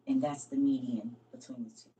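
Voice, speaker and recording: A woman's voice: very deep voice, steady tone, normal speed, dark tone, far from the mic. A woman hosting a live stream, casually reading scripture aloud and talking it over with her viewers, laughing at her own slips.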